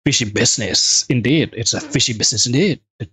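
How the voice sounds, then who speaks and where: A man giving chatty, excitable let's play commentary as a gaming video host, reading on-screen text aloud and reacting quickly. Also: mid-range voice, husky, dry recording.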